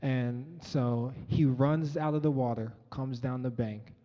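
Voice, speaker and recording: An earnest young man from Colorado tells a personal story to a live audience in a conversational way, with plenty of ums. His voice sits at a middling pitch. The sound is dull, with a long hall reverb around it. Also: steady tone, slow pace, mellow. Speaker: featured storyteller. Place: large event hall, on stage.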